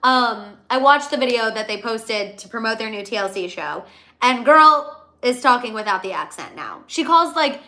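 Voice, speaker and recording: A young woman hosting a casual celebrity gossip livestream, animated and gossipy, reading out viewer comments. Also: on the high side, moderate pace. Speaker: gossip show host.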